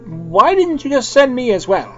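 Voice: medium pitch, sing-song, moderate pace, a bit bright, dull audio, faint music behind, voice pushed up. A podcast reader voicing a gloomy, bloodthirsty man in a comic fan-fiction reading.

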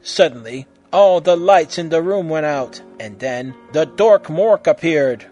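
A man reads a story aloud in a mock-serious, expressive style. His voice is fairly high, and faint music plays underneath. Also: unhurried, hardly any pauses. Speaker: reader. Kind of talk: dramatic reading of a story.

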